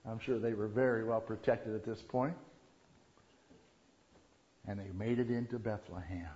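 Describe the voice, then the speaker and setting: A man preaching a Christmas sermon, shifting from quiet reverence to loud, animated storytelling. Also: lowish voice, moderate pace. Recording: dull lo-fi sound.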